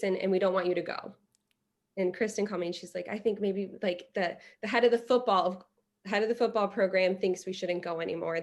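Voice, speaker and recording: A young adult woman from Illinois, a podcast guest telling a story in a lively, conversational way, with many restarts. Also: mid-range voice. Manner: animated, many restarts and quoted dialogue.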